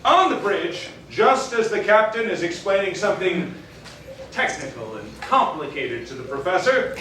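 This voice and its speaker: A man's voice: high voice, fairly bright tone, a little hiss or hum. A man narrating scenes of a live sci-fi spoof on stage with a mock-dramatic storyteller's manner. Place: small theater stage. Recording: very echoey theater, distant mic.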